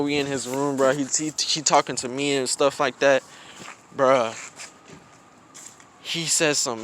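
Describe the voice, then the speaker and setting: A man's voice: mid-range voice, moderate pace, long pauses, a bit bright, a little hiss or hum. A young man telling a rambling, slang-filled story outdoors in the snow, often restarting his sentences. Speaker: vlogger. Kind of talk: casual storytime.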